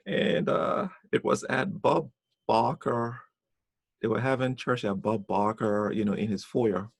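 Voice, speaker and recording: A man's voice: medium pitch, takes it slowly, gravelly, a bit bright, no echo. A man chatting casually on a podcast, telling a personal story with lots of repeated words and restarts.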